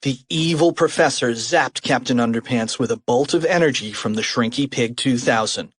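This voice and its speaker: A man narrating a children's audiobook in an animated, expressive read. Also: mid-range voice, moderate pace, husky, no echo.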